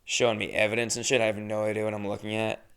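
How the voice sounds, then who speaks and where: A man tells a story in a casual, rambling way, swearing often and joking along. His voice is gravelly yet resonant and smooth. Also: lowish voice, completely flat delivery, fast, fairly bright tone. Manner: profane, rambling and jokey. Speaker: podcast host telling a story.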